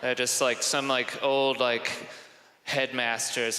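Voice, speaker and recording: A man doing stand-up comedy with crowd work, animated and self-mocking, on stage before an audience. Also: medium pitch, takes it slowly. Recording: echoey hall, live stage.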